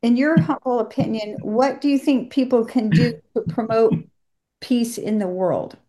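A woman hosting a health radio show, giving a brisk, upbeat introduction and then interviewing a guest. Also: on the high side, mellow.

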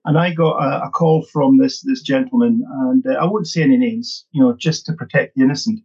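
A man's voice: mid-range voice, brisk, a little mellow, slightly rough. A middle-aged man, a training consultant, answering interview questions in an upbeat, emphatic way, often repeating words. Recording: dull lo-fi sound.

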